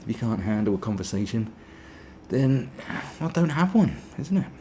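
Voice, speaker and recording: A man's voice: fairly low pitch, sing-song, normal speed, dark tone, slight background noise. A man from Britain hosting a podcast, ranting sarcastically, swearing and mimicking people in mocking voices. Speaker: podcast host. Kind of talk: opinionated podcast monologue.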